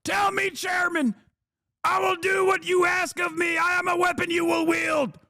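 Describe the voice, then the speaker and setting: A man voicing a fanatical male zealot who shouts fervent, declamatory vows of devotion. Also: extremely high pitch, flat delivery, normal speed, gravelly, heavy background noise, pitched above the performer's own voice.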